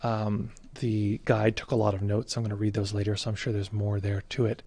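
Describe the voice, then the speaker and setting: A man, a meditation teacher, giving a halting, reflective account of a personal experience, with many fillers and restarts. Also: lowish voice, flat delivery, darkish tone, breathy edge, no echo.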